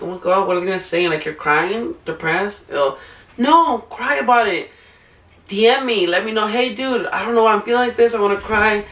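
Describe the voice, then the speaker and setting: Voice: mid-range voice, fairly bright tone. A young adult vlogger in a rambling, casual advice chat who acts out their own past self-talk. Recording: roomy, distant mic, faint music behind.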